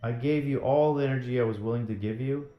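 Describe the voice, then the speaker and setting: A man's voice: mid-range voice, fast, dull audio, soft background music. A man in a bitter, profane personal rant about a former partner, often repeating himself. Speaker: vlogger. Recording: echoey room.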